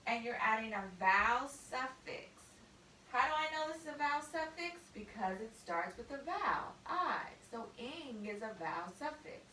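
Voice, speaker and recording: A woman's voice: a little high, pushed and bright, reverberant, recorded from a distance, slight background noise, low-quality recording. A woman teacher giving a patient spelling lesson to a student, spelling out words letter by letter.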